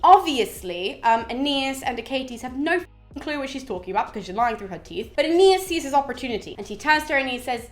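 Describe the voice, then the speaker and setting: A woman casually retelling a classic epic for viewers, joking and slipping into quick character voices. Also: sing-song. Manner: chatty, jokey, acts out characters' lines with raised pitch. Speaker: literature summary vlogger.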